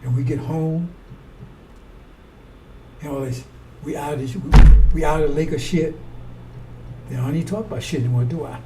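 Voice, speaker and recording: A man with a slightly high voice talks a little fast, leaving long pauses, as he delivers a rambling, fiery street-style sermon in blunt, profane language. The mic is distant and picks up faint noise.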